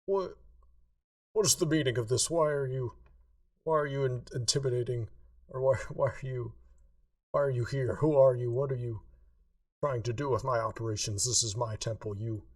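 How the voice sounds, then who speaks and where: A man's voice: on the high side, a little fast, a bit bright, distant mic, voice pushed up. A man voicing a panicky male temple keeper who stammers and blubbers through tears. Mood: indignant panic. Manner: stammering, pleading, tearful.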